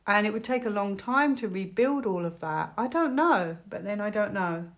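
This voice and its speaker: A woman's voice: mid-range voice, expressive, normal speed. A British woman giving a casual tarot reading to camera, rambling and chatty with lots of fillers. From United Kingdom. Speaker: tarot reader.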